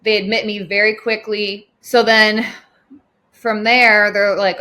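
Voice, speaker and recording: A woman's voice: mid-range voice, little pitch movement, takes it slowly, pushed and bright. A woman recounting her own experience as a patient in casual, chatty storytelling, full of quoted dialogue and frequent fillers.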